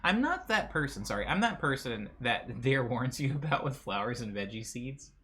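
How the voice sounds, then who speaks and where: A man hosting a casual morning stream who talks loosely with his chat and reads their messages aloud. His pitch moves up and down a lot as he rambles, with plenty of fillers along the way. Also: big pitch swings, normal speed, a bit bright, slight background noise. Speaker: livestream host.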